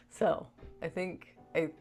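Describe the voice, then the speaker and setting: A woman vlogger chatting casually to camera in a rambling way, with lots of "like" fillers.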